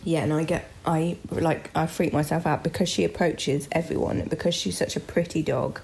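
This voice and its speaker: A woman in her thirties talks frankly in a relaxed chat, her voice low and gravelly with fry. She runs on in easy, unguarded sentences. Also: normal speed, slight background noise. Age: 30s. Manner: frank, chatty, self-deprecating. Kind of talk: casual conversation.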